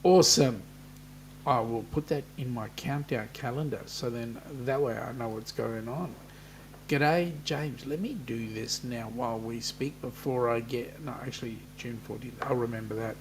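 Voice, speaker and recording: A man's voice: mid-range voice, normal speed, slight background noise. An Australian man hosting a casual live chat, reading out viewer comments and joking with them.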